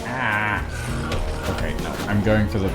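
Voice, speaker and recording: A man streaming a game and chatting casually with viewers, self-mocking, reacting out loud. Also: on the low side, measured pace. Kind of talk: casual gameplay commentary. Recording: game music underneath.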